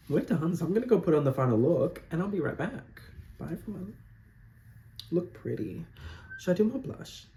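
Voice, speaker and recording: This man in drag talks through a makeup tutorial recorded on his phone at home, his pitch fairly high and his tone darkish. The narration is loose and chatty, full of giggles and self-mockery.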